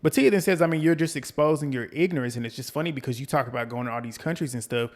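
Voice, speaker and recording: A man's voice: medium pitch, very fast. Chatty Southern man recapping gossip. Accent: Southern US, North Carolina. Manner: chatty, gossipy, quotes the cast in lively bursts. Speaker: reality TV recap host. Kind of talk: casual recap and commentary.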